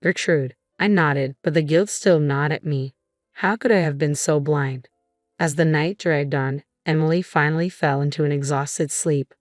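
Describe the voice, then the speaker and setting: Low-voiced woman narrating a story. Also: moderate pace, no echo, clean studio sound, faint music behind. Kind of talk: scripted first-person narration.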